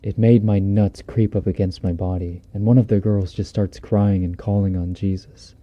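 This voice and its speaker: A man's voice: on the low side, fairly even intonation, moderate pace, lo-fi sound. A man reading a horror story aloud on a stream in a laid-back, profane, conversational way, close on a binaural mic. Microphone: binaural dummy-head mic.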